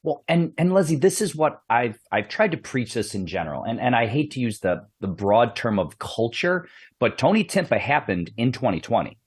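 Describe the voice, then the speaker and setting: A man hosting a policing podcast, telling a story in an animated way and often repeating his words. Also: medium pitch, normal speed, husky. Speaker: podcast host, police background. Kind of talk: podcast interview, conversational.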